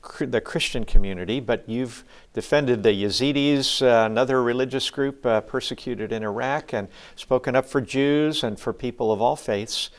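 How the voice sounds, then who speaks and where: A man's voice: mid-range voice, moderate pace, few pauses. A man, a pastor, hosting an interview and offering brief affirming remarks.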